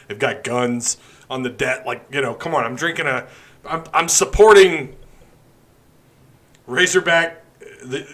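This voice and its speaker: A podcast host chats loosely on a live stream, joking around while drinking beer. He has a mid-range voice with a sharp tone.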